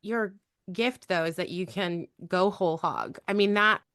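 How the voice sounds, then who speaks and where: A woman's voice: lowish voice, measured pace, a bit bright, dry recording, clean studio sound. A woman hosting a podcast, talking in a thoughtful, conversational way. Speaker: podcast host. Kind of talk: casual podcast chat.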